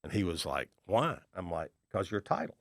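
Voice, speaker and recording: A middle-aged man with a very deep, gravelly voice tells stories in a podcast interview. He acts out the voices of the people he talks about in a folksy way. The recording is close and dry. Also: moderate pace, no echo. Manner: folksy, animated storyteller acting out dialogue. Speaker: guest, real estate investor and author.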